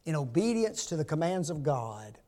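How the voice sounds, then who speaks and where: A man's voice: a little high, sing-song, normal speed, warm tone. A man in his sixties preaching a sermon, emphatic and full of rhetorical questions to his congregation.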